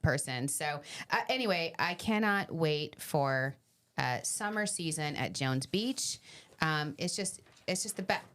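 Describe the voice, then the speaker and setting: A woman's voice: low voice, expressive, unhurried, a bit bright. A middle-aged woman hosting a podcast, chatty and enthusiastic as she leads the conversation. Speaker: podcast host. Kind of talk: casual podcast chat.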